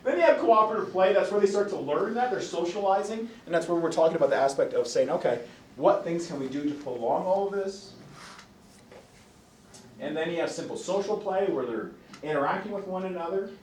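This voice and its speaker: Animated male lecturer, echoey classroom. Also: sits high, brisk, recorded from a distance, slight background noise. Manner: animated, acts out quoted voices. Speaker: psychology lecturer.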